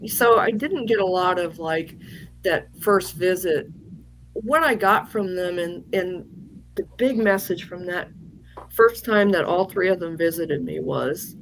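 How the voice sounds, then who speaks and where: A woman's voice: on the low side, a little slow, a little hiss or hum, rough recording. Chatty woman telling a personal story. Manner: candid, rambling, with fillers and restarts. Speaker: guest psychic medium. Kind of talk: conversational storytelling interview.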